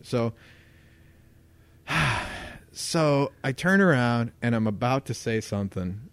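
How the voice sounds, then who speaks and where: Animated man telling a story, dry sound. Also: medium pitch, takes it slowly, clean tone, no echo. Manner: animated storyteller acting out quoted voices. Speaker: podcast co-host. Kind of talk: casual storytelling chat.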